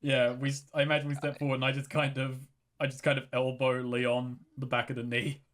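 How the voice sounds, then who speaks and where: A man chatting casually as a player in a tabletop game, relaxed and rambling. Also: mid-range voice, fairly quick.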